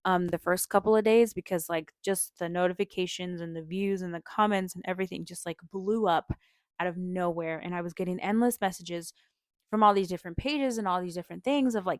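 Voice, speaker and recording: On the low side and a little fast, a young woman's voice carries a podcast in a studio-quality recording free of room sound. As host, she shares a personal tale earnestly and chattily, wearing her emotions openly, laughing softly and leaning on "like" and "um."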